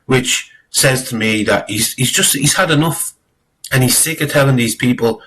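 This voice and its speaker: A man's voice: mid-range voice, expressive, normal speed, fairly bright tone, slightly rough, rough recording. A man giving rambling, exasperated spoken commentary on a clip, swearing freely and using lots of fillers. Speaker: video commentator.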